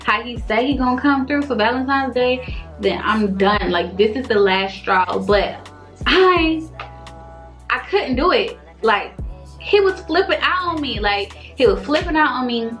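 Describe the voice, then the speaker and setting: A young woman telling a casual storytime vlog, animated, slangy and exasperated, full of rhetorical questions. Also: fairly high pitch, a little slow, faint music behind. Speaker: vlogger telling a dating story.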